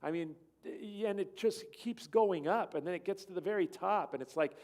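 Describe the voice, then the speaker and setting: At a church, a man with a high voice and a darkish tone casually tells a rambling travel story over slides at a moderate pace. He acts out what people said to him.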